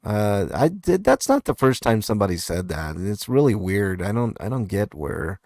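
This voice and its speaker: A man's voice: fairly low pitch, sing-song, normal speed, darkish tone, no echo. A man hosting a casual comment show, reading viewer comments aloud in a laid-back, hesitant way with lots of fillers and small chuckles.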